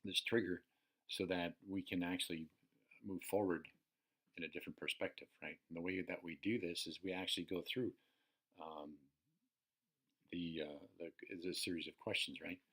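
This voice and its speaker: A man's voice: deep voice, steady tone, normal speed, long pauses, fairly bright tone. A man coaching listeners in a casual, unscripted teaching talk, profane and checking in with "right?" often. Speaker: personal development coach.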